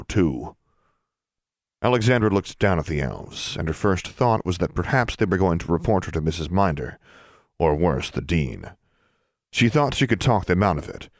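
Deep-voiced man reading a story aloud. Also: dry recording, clean studio sound. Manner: even, measured storytelling. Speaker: narrator. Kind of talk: audiobook narration.

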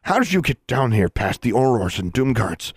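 A man's voice: medium pitch, sing-song, moderate pace, husky, no room sound, studio quality, pitched above the performer's own voice. A man voicing a nervous elderly wizard clerk who answers warily and hesitantly. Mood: wary. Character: nervous old bearded male wizard clerk.

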